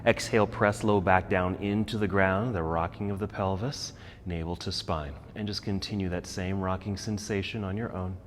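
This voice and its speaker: A man leading a guided yoga class, giving calm, encouraging cues about posture and breathing. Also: deep voice, normal speed, long reverb tail, slight background noise. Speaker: yoga instructor. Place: yoga studio.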